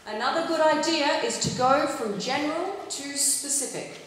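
A rather high-pitched woman speaks as an English teacher, laying out exam advice in a clear, instructive way and checking in with her listeners. Her voice rings out in a large, echoey hall with a long reverb and a faint noise behind it. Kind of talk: giving exam advice to students.

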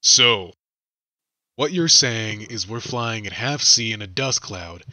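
A man voicing a gruff human spaceship engineer, speaking quietly with a waver of resolve, heard at a distance. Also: on the low side, lively intonation, takes it slowly, heavily acted. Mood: resigned. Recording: distant, as if over a hissing security recording.

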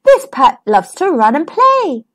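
Woman doing a kind fairy godmother, singsongy, chants her little rhyme spells slow and high. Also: wildly swooping pitch, exaggerated voice. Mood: chanting. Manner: sing-song, chanting rhymes. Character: kindly magical fairy godmother casting rhyming spells.

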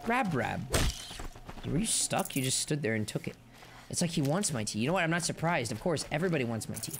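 A man streaming live gameplay commentary, excitable and playful, rambling on and chatting with his viewers. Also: fairly high pitch, brisk, creaky, background noise.

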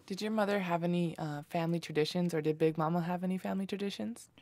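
A woman in her twenties interviewing an elder, asking quick, curious questions. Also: on the low side, fairly even intonation, darkish tone, no room sound. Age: 20s. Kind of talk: oral history interview questions.

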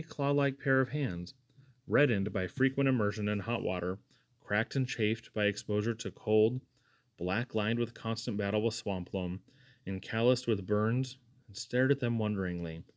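A man in his fifties narrating a classic novel in a measured, unhurried reading. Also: lowish voice. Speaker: audiobook narrator. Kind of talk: scripted narration.

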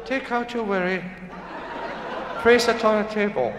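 A man's voice: sits high, unhurried, noisy background. A man putting on a clipped foreign doctor voice. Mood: insistent. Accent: Japanese. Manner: clipped, broken phrasing. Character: small male doctor putting on a Japanese accent. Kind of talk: stand-up comedy bit. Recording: echoey live hall recording.

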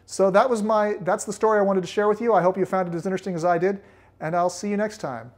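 A man's voice: high-pitched, quick pace. A man hosting a video on Latin poetry, explaining casually as he thinks aloud, with frequent restarts and direct, friendly address to viewers. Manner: thinking aloud, many restarts while working through the arithmetic. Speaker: Latin teacher and video host.

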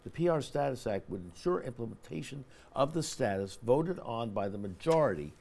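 A man hosting a public-access talk show, speaking haltingly with frequent restarts as he reads from an email and poses a question to his guests. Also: mid-range voice, expressive, vocal fry, darkish tone. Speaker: host.

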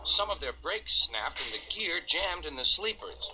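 A man narrating a children's story with an expressive, measured reading. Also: on the high side, faint music behind.

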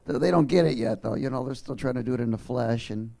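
A man preaching a sermon in church, joking with the congregation and then building to fervent, shouted passion. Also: mid-range voice, vocal fry. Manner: jokey, rising to fervent shouting. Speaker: pastor.

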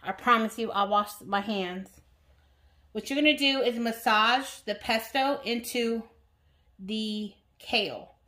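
A woman's voice: a little high, slow pace, sharp tone. A woman vlogger chatting casually to viewers while cooking in her home kitchen. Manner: chatty, talks straight to viewers.

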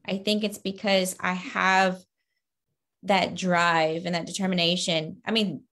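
A woman from Louisiana, a children's book author, giving earnest, upbeat interview answers over a video call with lively bursts in her stories. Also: on the low side, a little slow.

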